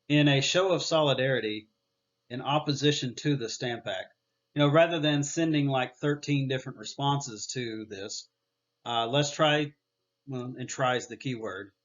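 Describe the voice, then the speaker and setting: A male history teacher lectures in an easygoing, conversational way, and his voice sits at an ordinary middle pitch. He often stops on filler sounds and restarts his sentences. The recording is slightly dull and lo-fi. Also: a bit bright.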